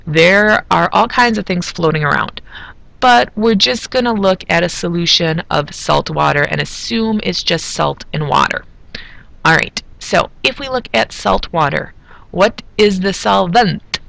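A woman chemistry teacher explains a recorded lesson in a chatty way, slipping in side remarks as she goes. Her voice sits a bit low with a gravelly grain. The sound is dry and close. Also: lively intonation, unhurried, fairly bright tone, no room sound.

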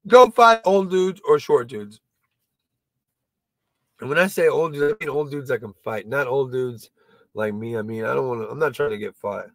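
A man's voice: medium pitch, moderate pace, fairly bright tone, no room sound. Older male comic host in his sixties, loose and profane, close dry mic. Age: 60s. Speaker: comedy show host. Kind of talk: rambling stand-up monologue.

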